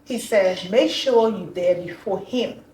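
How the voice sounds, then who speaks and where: A woman telling a personal story as an interview guest, animated and acting out the voices she quotes. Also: mid-range voice, unhurried, a little hiss or hum. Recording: echoey room, far from mic.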